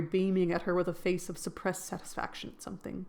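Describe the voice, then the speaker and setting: Creaky-voiced woman reading a classic novel. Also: fairly even intonation, fairly quick, hardly any pauses. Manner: reads expressively, voicing characters' lines with rising pitch. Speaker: audiobook reader.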